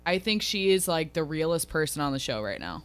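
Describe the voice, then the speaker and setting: A woman's voice: deep voice, a little fast, smooth. A woman co-hosting a radio show, chatting casually and animatedly about a reality show. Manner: animated, acts out others' lines in quotes. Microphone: studio radio mic.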